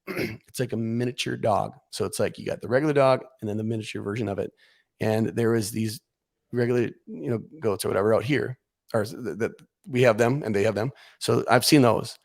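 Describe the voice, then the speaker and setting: His delivery is brisk and his mid-range voice has a creaky quality. As a podcast guest, he relates a funny story in an easygoing, lively way, performing the lines he and other people spoke.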